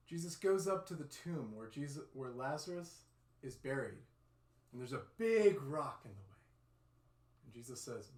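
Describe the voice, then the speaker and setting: A man telling a story to children in a friendly, expressive way, in a roomy-sounding space. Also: medium pitch, normal speed. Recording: roomy echo.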